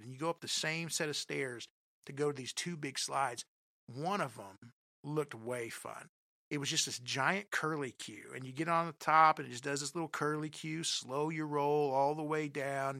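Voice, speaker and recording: Gravelly, bright-voiced man telling a funny story. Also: medium pitch, dry recording, clean studio sound. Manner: animated, self-deprecating, addresses listeners directly. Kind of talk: comic personal storytelling.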